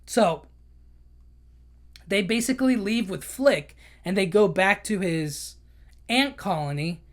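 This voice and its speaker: Male podcast host, casual talky recap, stumbles and restarts, throws in quick character voices. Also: high-pitched, lively intonation. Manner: rambling, loose retelling with many restarts and fillers; acts out characters' lines in quick bursts.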